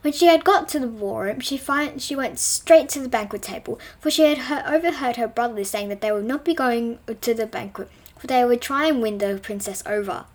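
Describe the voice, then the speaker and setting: A young woman tells her own reimagined fairy tale in a playful, chatty way. Her voice sits a little high, and she often trips over a word and corrects herself before carrying on. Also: a little fast. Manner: playful, with frequent self-corrections. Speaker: storyteller. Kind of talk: reading a self-written story aloud.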